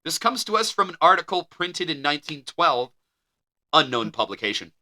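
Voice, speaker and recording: A man's voice: on the high side, very animated, moderate pace, bright, forceful tone. A man co-hosting a podcast, reading an article aloud with wry asides. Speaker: podcast co-host. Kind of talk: reading a story aloud in casual banter.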